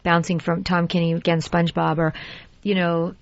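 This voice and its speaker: A woman's voice: lowish voice, moderate pace, dry recording. Chatty woman voice actor on talk radio. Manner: chatty, animated, jumps into character voices. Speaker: voice actress guest. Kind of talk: radio interview conversation. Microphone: studio microphone. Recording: slightly dull dry radio studio audio.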